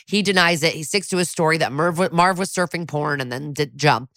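A woman's voice: low voice, lively intonation, fairly quick, hardly any pauses, a bit bright, no room sound, clean studio sound. A woman co-hosting a podcast, recapping a TV episode in casual chat with a sarcastic, storytelling manner. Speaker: podcast co-host.

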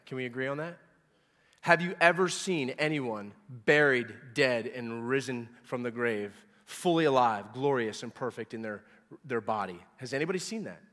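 A man in his forties delivers a sermon with emphatic, repeated phrases that swell loud at key points. His mid-range voice rings out with a long hall reverb. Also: medium pitch. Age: 40s. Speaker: pastor.

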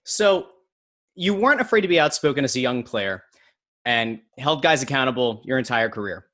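A man's voice: mid-range voice, lively intonation, moderate pace, fairly bright tone. Joking man hosting a podcast. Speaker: podcast host. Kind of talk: casual interview chat.

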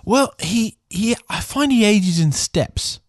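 Give me a man hosting a casual podcast, meandering with lots of ums, lively in pitch. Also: no echo, studio quality. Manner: rambling, halting, many fillers and restarts. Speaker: podcast host. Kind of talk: casual chat.

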